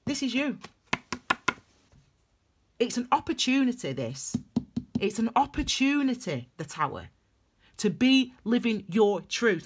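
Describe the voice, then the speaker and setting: A young woman giving a casual tarot reading to camera, emphatic and animated, repeating phrases for stress. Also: on the high side, unhurried, pauses often, slight background noise. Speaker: tarot reader.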